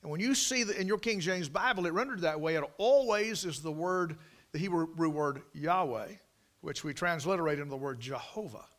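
American guy preaching king james style, kinda high and bright, loud then quiet, stumbles and repeats a lot. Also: moderate pace. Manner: emphatic, repeats phrases, swings between loud proclaiming and quiet asides; folksy, with stumbles and restarts.

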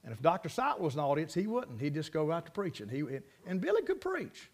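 A preacher man with a high voice, telling stories in a folksy, rambling way from the pulpit. He talks plainly and drifts between anecdote and scripture. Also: wildly swooping pitch, fast talker. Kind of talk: sermon with storytelling.

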